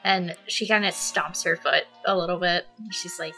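A woman player describing her character's actions in a tabletop game, earnest and animated. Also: lowish voice, normal speed, faint music behind, poor audio. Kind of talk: tabletop role-play.

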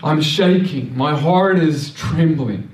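Man, earnest testimony, stumbling restarts, slightly high voice, echoey room, distant mic. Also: takes it slowly, darkish tone. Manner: earnest storytelling with frequent restarts and repeated words. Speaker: speaker sharing a testimony. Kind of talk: personal faith testimony. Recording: roomy echo, mic at a distance.

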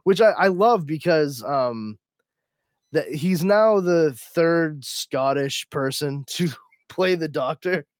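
A man's voice: fairly high pitch, expressive, slow pace, dry recording. A man co-hosting a casual comics podcast, talking over a video call in a dry, close recording. He rambles, restarts his sentences often and breaks into laughter as he goes. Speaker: podcast host.

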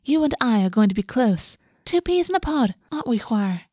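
Brief: sweetly cruel young fae girl, voiced by a female storybook reader; raised pitch, eager and dreamy with a hard edge; dry, close sound. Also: big pitch swings, a little fast, darkish tone, no echo. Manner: dreamy, eager, edged with contempt. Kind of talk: storybook reading.

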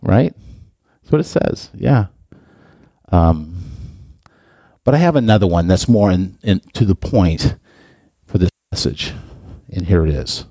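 Lively middle-aged man preaching casually. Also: low-pitched, measured pace, long pauses, no room sound, studio quality. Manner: playful, chatty, talks to the audience directly. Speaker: pastor. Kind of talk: casual sermon.

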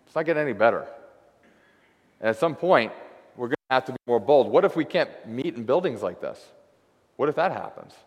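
A young adult man giving a sermon as a guest preacher, talking in a loose, conversational way with lots of filler words. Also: medium pitch. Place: church sanctuary. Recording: long hall reverb.

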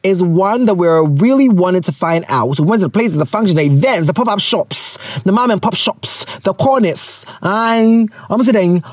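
A man in his thirties hosts a playful, chatty show and slips local slang into his talk. His voice sits high and swings up and down a lot. The sound is dry and close, with no room around it. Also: lively intonation, normal speed, hardly any pauses, no echo. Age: 30s. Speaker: podcast host. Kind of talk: casual chat.

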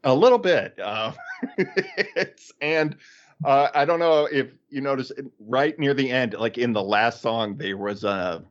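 A man's voice: mid-range voice, animated, measured pace. A man joins a podcast chat with wry, joking remarks, often breaking into a laugh as he talks. His voice sits mid-range, and the audio sounds a little dull and lo-fi. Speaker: podcast co-host. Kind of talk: casual chat.

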